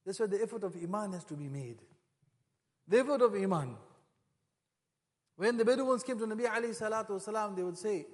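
A man's voice: high-pitched, lively intonation, quick pace. A man preaching a sermon, acting out quoted voices and rising to emphatic peaks. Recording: long hall reverb.

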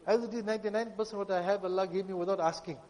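A man preaching a pleading, emotional sermon that often drops to a soft voice. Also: high-pitched, steady tone, racing, long reverb tail, poor audio. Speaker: Islamic preacher.

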